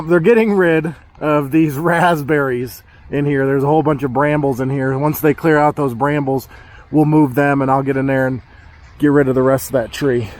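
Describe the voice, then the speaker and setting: A man, casually vlogging outdoors on his farm, a bit out of breath as he hurries around and talks to his animals. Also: darkish tone. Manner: talks to his goats, calls out to animals in a high voice. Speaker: homesteading vlogger.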